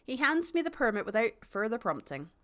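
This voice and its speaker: A woman's voice: a little high, big pitch swings, brisk, very noisy. Giggly Scottish woman streamer. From Scotland. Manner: giggly, chatty, self-mocking. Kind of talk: live game stream chat and reading.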